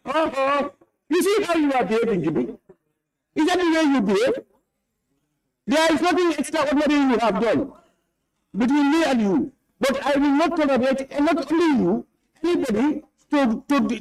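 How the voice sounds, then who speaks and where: A man's voice: extremely high pitch, low-quality recording. A man with a Gambian English accent chairing a parliament session, stern and scolding, repeating himself as he presides over a heated debate. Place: parliament chamber.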